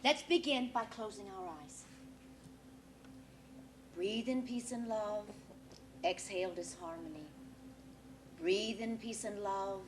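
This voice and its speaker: A woman playing an earnest young woman who leads a séance on stage, soft and soothing. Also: medium pitch, slow pace, pauses often, lightly acted. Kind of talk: stage play acting. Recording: noisy live stage recording.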